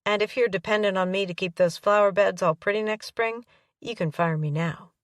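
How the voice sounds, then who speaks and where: A woman's voice: mid-range voice, fairly even intonation, fairly quick, no room sound, clean studio sound, far from the mic. A woman reading a romance audiobook aloud, giving the characters light voices of their own. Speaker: audiobook narrator. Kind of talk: scripted narration.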